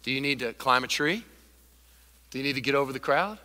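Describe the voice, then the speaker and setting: A man preaching a sermon as pastor, animated, acting out the voices of Bible characters and a grumbling crowd. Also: medium pitch, a little fast, big-room sound.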